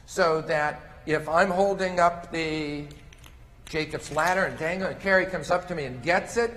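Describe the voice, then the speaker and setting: A man's voice: a little high, normal speed, a bit bright, in a large hall. A man presenting a conference session, explaining step by step as he demonstrates with toys. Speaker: conference presenter on mand training. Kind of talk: lecture with live demonstration.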